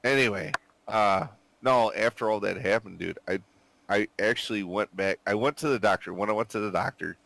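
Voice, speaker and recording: A man's voice: lowish voice, moderate pace, gravelly, a bit bright, a little hiss or hum. A man in his forties telling a profane story in casual chat, swearing constantly and acting out quotes while still sick. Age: 40s. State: recovering from illness, coughing. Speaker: gamer chatting with squadmates.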